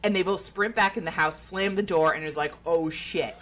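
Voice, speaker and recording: A woman's voice: lowish voice, brisk. Foul-mouthed woman telling a story. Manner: profane, animated retelling. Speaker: podcast co-host. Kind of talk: casual storytelling.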